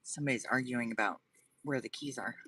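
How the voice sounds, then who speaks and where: The mic sits at a distance from this man, whose mid-range voice comes out brisk, pushed, bright and husky. He's a car-dwelling vlogger streaming at night from his vehicle, rambling, repeating himself and talking to the live chat.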